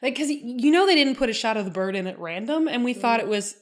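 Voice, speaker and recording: A woman's voice: on the high side, expressive, quick pace. A woman co-hosting a podcast in casual chat, joking and acting out scenes. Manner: jokey, acts out scenes in voices. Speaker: podcast co-host.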